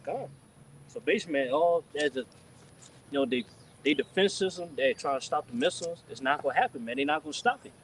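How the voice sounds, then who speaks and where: Animated man, a little off-mic. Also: on the high side, fast talker, far from the mic, slight background noise, low-quality recording. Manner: animated, peppers talk with "man" and "you know". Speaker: discussion participant. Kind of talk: casual scripture discussion.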